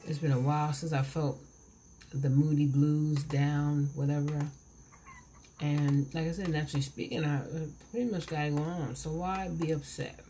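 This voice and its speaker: Rambling low-voiced woman in her forties. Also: fairly even intonation, brisk, hardly any pauses, warm tone, slight background noise. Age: 40s. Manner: rambling, self-interrupting, chatty. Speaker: vlogger. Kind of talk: casual vlog while eating. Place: home, indoors. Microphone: camera mic.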